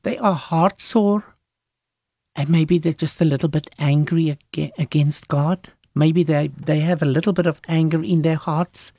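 A woman's voice: low voice, steady tone, unhurried, dark tone, no echo. A woman minister talking about faith in an earnest, emphatic way, often restarting her sentences as she preaches conversationally. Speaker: Christian minister, guest.

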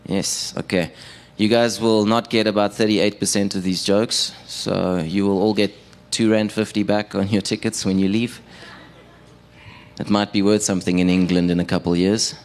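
A young South African man with a low voice doing stand-up comedy on a live stage. He talks conversationally with the crowd and pokes fun at himself. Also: little pitch movement, normal speed. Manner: self-deprecating, conversational with the audience. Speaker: stand-up comedian and radio producer.

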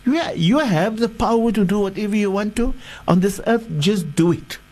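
A man's voice: high-pitched, lively intonation, moderate pace, darkish tone, voice pushed up. Defiant converted magicians, played by a man, raised voice, fervent and unafraid.

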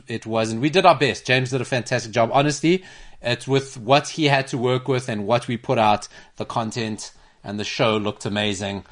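A man hosting a sports podcast in a studio, chatting casually and laughing often while he tells stories and explains a game. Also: mid-range voice. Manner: animated, laughs often, storytelling. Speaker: podcast host. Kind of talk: casual chat. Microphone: studio microphone.

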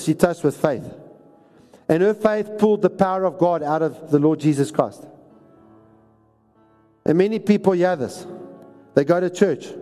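A man's voice: sits high, dark tone. A man preaching a sermon, exhorting and repeating lines for emphasis. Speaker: pastor. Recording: reverberant hall recording.

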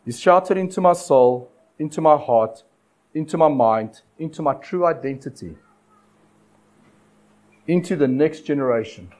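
A man's voice: a little high, lively intonation, a little mellow, poor audio. Man preaching with urging cadence. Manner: exhortative, repetitive cadence with dramatic pauses. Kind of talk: sermon.

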